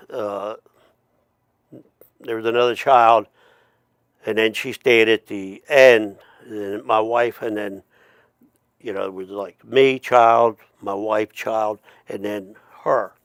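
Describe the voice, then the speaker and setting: A middle-aged man telling a personal story in a casual, rambling way, with halting restarts and asides. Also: mid-range voice, dry recording. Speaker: storyteller, Métis chief.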